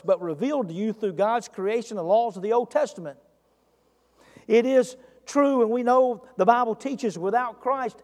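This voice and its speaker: High-voiced preacher in a reverberant church. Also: male voice, mellow. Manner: earnest preaching, asks the congregation direct questions. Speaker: pastor. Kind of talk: sermon.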